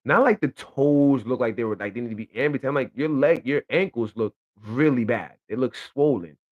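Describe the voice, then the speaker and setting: A man's voice: medium pitch, a little fast. A young man giving a blunt, profane, casual opinion monologue, telling stories with lots of energy. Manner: profane, blunt, animated storytelling. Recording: slightly dull lo-fi audio.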